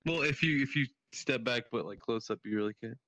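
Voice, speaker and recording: A man chatting casually in a virtual world, rambling with restarts and quick laughs. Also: medium pitch, bright, forceful tone, no room sound. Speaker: streamer exploring a virtual world. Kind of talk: casual chat. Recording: slightly dull lo-fi voice chat.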